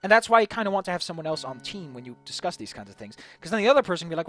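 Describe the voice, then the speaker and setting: A man's voice: sits high, sing-song, rapid-fire, bright, forceful tone, soft background music. A young man ranting off the cuff about a tabletop campaign idea, rambling with many restarts and frequent swearing. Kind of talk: unscripted solo rant.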